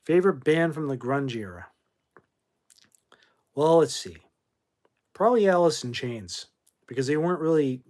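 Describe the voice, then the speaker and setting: A man's voice: medium pitch, darkish tone. Sleepy, blunt male rock stream host. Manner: drowsy, rambling, blunt and profane. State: sleepy, yawning. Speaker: livestream host. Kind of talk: casual livestream chat about classic rock.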